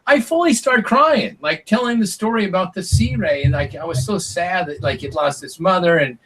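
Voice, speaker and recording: A middle-aged man guesting on a podcast, telling stories in a lively way, acting out what people said and swearing casually. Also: high voice, normal speed, far from the mic, slight background noise. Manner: animated storyteller, acts out quotes, swears casually. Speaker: podcast guest, former reality show contestant. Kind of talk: casual storytelling interview.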